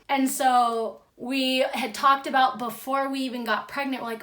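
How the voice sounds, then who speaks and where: Young woman vlogger, kinda high voice, just chatting thru a story, says like a lot. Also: fairly even intonation, moderate pace, hardly any pauses, a bit bright. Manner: chatty, heavy use of "like" fillers. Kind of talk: casual storytelling.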